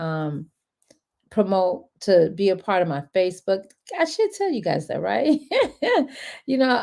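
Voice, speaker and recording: A woman's voice: on the low side, a little mellow. A woman wealth and credit coach in a casual, rambling live-stream chat, chatty and encouraging toward her viewers.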